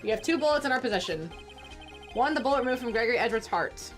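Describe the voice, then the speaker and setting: Woman as a steady young defense attorney. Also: a little high, faint music behind, close to an everyday voice. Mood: explaining. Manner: steady, measured, building to accusation.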